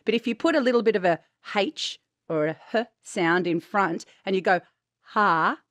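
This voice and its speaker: A woman's voice: medium pitch, lively intonation, fairly quick, no room sound. Woman, podcast co-host, enthusiastic, teacherly, dry close sound. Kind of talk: casual chat and explanation.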